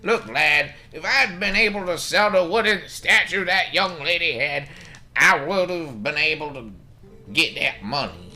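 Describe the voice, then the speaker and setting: A man's voice: fairly high pitch, expressive, measured pace, sharp tone, voice pushed up, heavily acted. A man voicing a stingy, cranky old male town doctor in a raised, whiny, fussy voice full of excuses, reading along with a video game. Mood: whiny, defensive.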